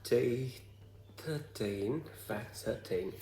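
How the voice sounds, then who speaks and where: A man from Bhutan with a Bhutanese accent, talking to the camera in a hesitant, halting way full of fillers. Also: medium pitch, mellow, reverberant, a little hiss or hum. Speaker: vlogger. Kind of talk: casual talk to camera.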